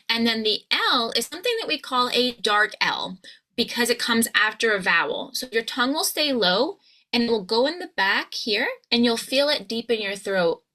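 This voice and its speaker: An American woman giving a pronunciation lesson as a coach, slowing down to model each sound. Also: on the high side, animated, pushed and bright. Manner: slow drawn-out modelling of sounds. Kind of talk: scripted pronunciation lesson to camera.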